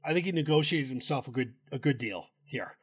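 A man's voice: medium pitch, lively intonation, fairly quick, slightly rough. A man co-hosting a casual sports betting chat, loose and profane, rambling with restarts. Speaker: podcast co-host.

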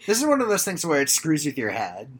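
A woman guest on a casual podcast, chiming in with relaxed comments. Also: low-pitched, fast talker, slightly rough. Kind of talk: casual chat.

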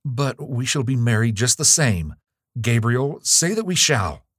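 Guy reading scared young noble girl, begging and clingy, low husky voice, dry room. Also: very animated, slow, no room sound, full character voice. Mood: pleading.

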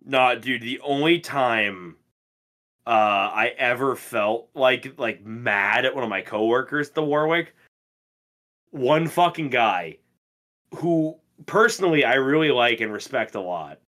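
A man in his twenties co-hosting a podcast, telling stories in a casual, profane and animated way. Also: mid-range voice, unhurried. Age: 20s. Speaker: podcast co-host. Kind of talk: casual chat.

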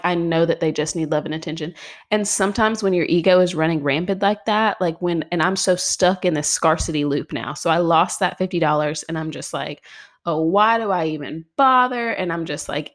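A young woman hosts a casual solo podcast monologue, her voice on the low side and fairly quick. She's chatty and exasperated, with lots of filler words.

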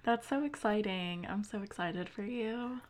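A woman's voice: medium pitch, unhurried. Chatty woman podcast co-host. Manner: chatty and enthusiastic, with frequent ums. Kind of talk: casual chat.

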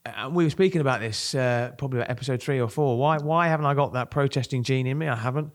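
A middle-aged man co-hosting a casual political podcast, brisk and scattered with ums and uhs. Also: medium pitch. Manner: brisk, filler-heavy, with frequent ums and uhs. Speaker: podcast co-host.

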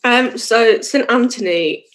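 A woman's voice: on the high side, takes it slowly, fairly bright tone. A young woman musician chatting casually in an interview, with lots of fillers and easy laughter. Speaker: musician guest.

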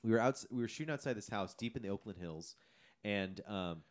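Man, podcast co-host, lively swooping voice, casual swearing storyteller. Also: fairly low pitch, fairly quick. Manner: animated, profane storytelling. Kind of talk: casual chat.

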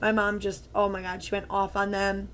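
A woman's voice: medium pitch, completely flat delivery, moderate pace, fairly bright tone. A woman in her twenties chatting casually as a podcast co-host, telling stories with lots of "like" fillers. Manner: chatty storytelling, full of "like" fillers. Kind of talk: casual chat.

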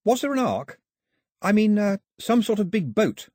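Earnest well-bred girl, high and husky, put on by a male narrator. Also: sing-song, moderate pace, a little mellow, no echo, clean studio sound. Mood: indignant. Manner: polite, earnest, raised pitch. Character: young English girl, earnest, well-mannered.

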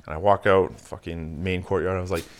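Man, lower voice, casual podcast host, profane, animated storytelling. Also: a little fast, clean tone.

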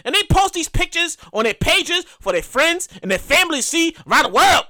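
A man's voice: extremely high pitch, brisk, no room sound. A young man hosting a show, delivering a rambling, profane, comedic rant. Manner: rambling, repetitive, profane, excitable. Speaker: podcast host.

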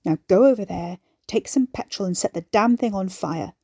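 A cold, raspy matriarch gives hard commands, as a woman puts her on. Her tone is flat and allows no argument. The reading is mellow and dry. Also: medium pitch, moderate pace, dry recording. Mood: commanding. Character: hard, cold, raspy older mother, domineering.

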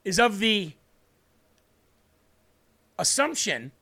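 Guy hosting a christian show, high bright voice, super emphatic and preachy. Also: sing-song, drawn-out words, vocal fry. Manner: emphatic, preachy, answers viewer comments. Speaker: host of a Christian talk show. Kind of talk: impassioned faith talk to viewers.

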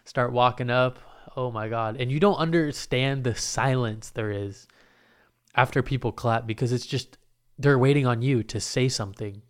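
A man's voice: mid-range voice, normal speed. Profane, rambling young man telling a story. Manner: rambling, profane, animated retelling with restarts. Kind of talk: casual storytelling.

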